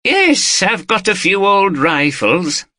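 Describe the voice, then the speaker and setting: A man's voice: high-pitched, sing-song, slow pace, bright, forceful tone, dry recording, clean studio sound, pitched above the performer's own voice, full character voice. A man voicing a blunt, chatty middle-aged man, speaking in clipped sentences. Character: gruff middle-aged Yorkshire man, proud gun owner.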